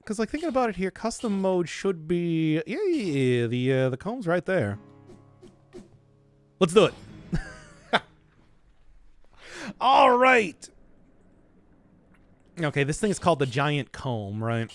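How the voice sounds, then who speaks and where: A young man rambles through live gameplay commentary, breaking into laughs and the odd curse. His voice runs high and lively, jumping up and down in pitch. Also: slow pace, pauses often, clean tone. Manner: rambling, laughs often, swears. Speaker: streamer.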